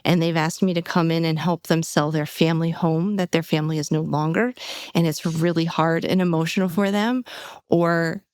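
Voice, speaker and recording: Lively woman podcast host, dry close mic. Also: deep voice, normal speed, clear, resonant tone, no echo. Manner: animated storyteller, acts out quoted clients in a raised voice. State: getting emotional. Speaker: real estate agent and podcast host. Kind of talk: casual podcast chat.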